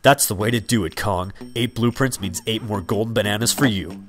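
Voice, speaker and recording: A man voicing a gruff male video game character in a lowered, gruff voice, read over gameplay. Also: a little fast, a bit bright, natural voice.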